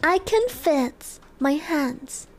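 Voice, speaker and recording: A woman's voice: sits high, lively intonation, very slow. A woman from Germany chatting casually with her live stream audience, giggly and playful, cursing freely. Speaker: livestreamer.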